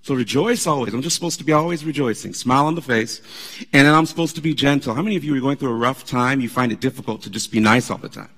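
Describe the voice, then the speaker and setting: A man preaching a sermon as pastor, animated and conversational, laughing often as he talks. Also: mid-range voice, fast, slightly rough, in a large hall.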